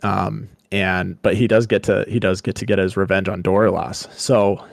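A young man from Colorado, co-hosting a podcast, casually retelling a story and paraphrasing the characters in quick asides. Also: low voice, little pitch movement, vocal fry, no room sound, studio quality. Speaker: podcast co-host.

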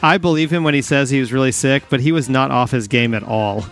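A man's voice: mid-range voice, fairly even intonation, quick pace, faint music behind. Friendly podcast co-host man. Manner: friendly, encouraging. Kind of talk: casual chat.

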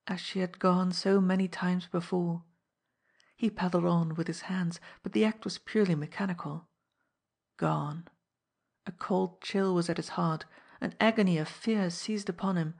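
Lowish-voiced woman reading a story. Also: creaky, a little mellow, husky. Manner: measured storytelling. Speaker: audiobook narrator. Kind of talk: scripted narration.

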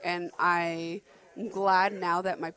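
A woman's voice: lowish voice, flat delivery, slow, a bit bright, poor audio. A woman in her thirties from Arizona, chatting casually as a podcast co-host and rambling with lots of filler words and restarts. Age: 30s. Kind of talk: casual chat.

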